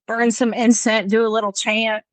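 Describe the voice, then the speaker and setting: A woman guest in a casual chat who chimes in with quick, chirpy remarks. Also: a little high, flat delivery, dry recording.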